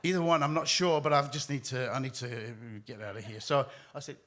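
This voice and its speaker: Male storyteller, live stage, animated, bright tone. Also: medium pitch, a little fast. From Australia. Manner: animated, acts out his own panicked voice.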